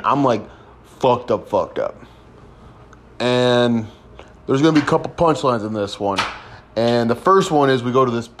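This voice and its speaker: A man's voice: mid-range voice, slight background noise. A young man in his twenties telling a rambling, crude story in a casual chat. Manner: crude, rambling, laid-back. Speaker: podcast host.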